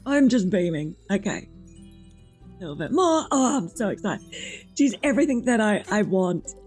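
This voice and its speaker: An Australian woman excitedly commentating a game playthrough, gushing and reading lines aloud. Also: medium pitch, normal speed, breathy edge. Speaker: streamer. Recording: faint music in the background.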